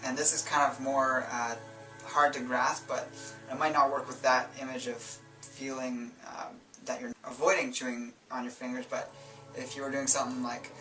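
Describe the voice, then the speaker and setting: A man hosting a self-help channel, explaining in a relaxed, rambling way with fillers and self-corrections. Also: medium pitch, moderate pace. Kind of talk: casual instructional talk. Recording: roomy sound from a distance, faint music.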